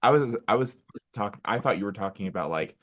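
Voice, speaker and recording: Man, very low voice, podcast co-host, jokey and relaxed. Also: quick pace. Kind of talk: casual podcast chat.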